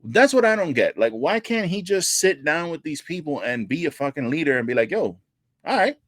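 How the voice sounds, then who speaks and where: A man co-hosting a wrestling podcast in casual chat, animated and profane, acting out quotes with his voice jumping up. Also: fairly quick, no room sound, clean studio sound. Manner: animated, profane, acts out quotes with rising pitch. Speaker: podcast co-host.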